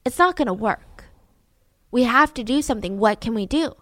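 A woman hosting a podcast, telling a true story in an animated way and acting out the voices. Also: fairly high pitch, normal speed, dry recording, studio quality. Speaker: podcast host. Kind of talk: storytelling true-crime narration.

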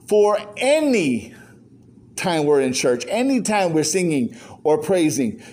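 High-voiced older man preaching emphatically. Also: darkish tone. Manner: emphatic, rhetorical questions with joking asides. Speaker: pastor. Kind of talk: sermon.

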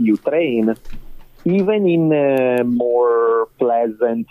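A middle-aged man from Milan with a heavy Italian accent, a guest author explaining ideas in a relaxed way and laughing easily. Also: fairly low pitch, dry recording. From Italy. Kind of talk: casual interview conversation. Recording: tinny phone-line audio.

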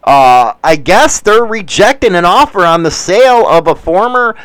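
A man hosts a loose, casual live show, jumping between the news and crude, wisecracking rants. His voice is smooth and clear and sits a bit high. The sound is dry and close. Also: very animated, normal speed, a bit bright, no room sound. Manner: rambling, profane, wisecracking. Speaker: show host reading the news.

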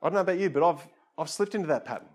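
A man's voice: a little high, very fast. Casual self-deprecating male preacher. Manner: casual, self-deprecating, lots of asides to listeners. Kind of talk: conversational sermon.

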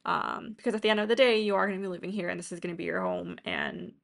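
A woman's voice: mid-range voice, big pitch swings, fast, gravelly. A young woman co-hosting a podcast in casual, rambling chat full of fillers. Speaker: podcast co-host.

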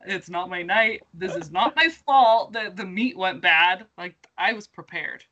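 Bright-voiced woman telling a rambling story. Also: fairly low pitch, animated, unhurried, lo-fi sound. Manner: rambling storyteller, filler-heavy, laughs through the telling. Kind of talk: casual chat.

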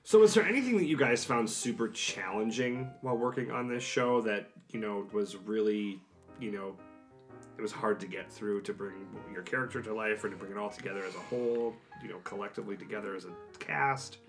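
A man hosting a casual podcast interview, asking questions in a relaxed, joking way. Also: lowish voice, brisk, faint music behind. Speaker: podcast host.

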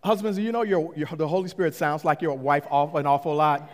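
A middle-aged man pastor telling a story in a sermon, animated and often climbing high when he retells conversations. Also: brisk, few pauses. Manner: animated, rising to excited high-pitched retellings. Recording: long hall reverb.

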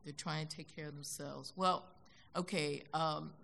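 An older woman with an American accent tells a story on a concert hall stage, acting out the people she quotes. Her low voice is gravelly and has a bright, forceful edge. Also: fairly even intonation, a little slow, a little hiss or hum. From United States. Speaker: guest. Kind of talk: onstage conversation.

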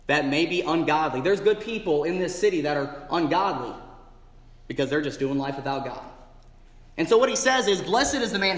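A high-voiced man preaching a sermon, pressing his points and repeating them for emphasis. His voice rings through a church sanctuary with a long, echoing reverb. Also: fairly bright tone. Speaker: pastor. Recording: echoey church hall.

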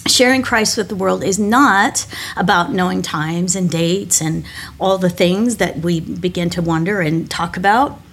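A woman's voice: fairly low pitch, measured pace, breathy edge. Woman pastor telling personal stories. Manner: candid, self-deprecating storytelling with small restarts. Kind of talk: devotional talk with personal stories.

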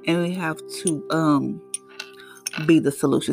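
A middle-aged woman hosts her own podcast, talking in a preachy, emphatic way about faith and getting through life's problems. Her voice has a gravelly edge, and faint guitar music plays quietly underneath. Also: low-pitched, lively intonation, measured pace. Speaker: podcast host. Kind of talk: faith-based motivational talk.

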